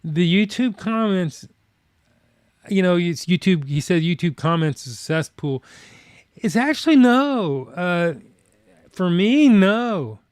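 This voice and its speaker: A man's voice: sits high, animated, slow, darkish tone, clean tone, dry recording, clean studio sound. Plainspoken man chatting on a live stream. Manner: plainspoken, folksy, rambling with fillers. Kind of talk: casual live-stream chat reading comments.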